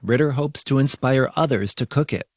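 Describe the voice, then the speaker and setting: A man reporting a news feature for radio in a measured, even narration. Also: mid-range voice, no room sound, clean studio sound.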